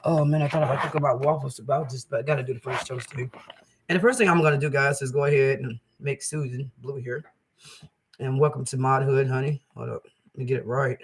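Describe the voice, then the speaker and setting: An older woman with a hoarse, congested throat, chatting warmly and ramblingly to her livestream viewers from her home kitchen. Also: extremely low pitch, fairly even intonation, fast, slight background noise. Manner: chatty, rambling, heartfelt, talks straight to chat. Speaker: livestream cooking host. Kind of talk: casual livestream chat to viewers. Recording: voice distant from the mic.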